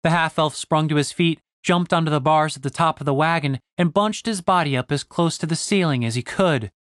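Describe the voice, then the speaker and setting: A man's voice: on the high side, a little fast, a bit bright, no echo, clean studio sound. Man narrating a fantasy audiobook.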